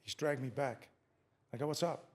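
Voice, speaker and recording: A middle-aged Australian man, once a fighter, is a podcast guest casually telling a story, swearing freely and acting out the quotes. His mid-range voice is a little mellow, and he speaks at a normal speed.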